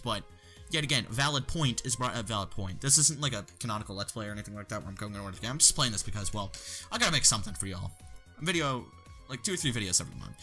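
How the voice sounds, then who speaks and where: A man doing gameplay commentary for his let's play videos, with jokey asides and loud exclamations. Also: lowish voice, animated, fast, soft background music.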